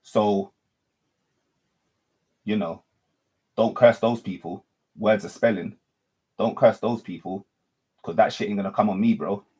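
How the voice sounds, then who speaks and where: Husky-voiced man musing on spirituality. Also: lowish voice, a little slow, pauses often, darkish tone. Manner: repetitive, circling phrasing with frequent self-corrections. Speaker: spiritual teacher. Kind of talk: unscripted spiritual monologue.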